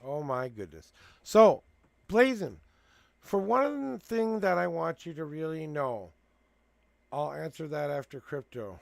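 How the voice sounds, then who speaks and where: A man's voice: fairly high pitch, big pitch swings, takes it slowly, vocal fry, no echo. A man hosting a live tarot reading from home, counting out cards and then giving earnest spiritual encouragement and blessings. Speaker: tarot reader hosting a livestream. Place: at home with a cat.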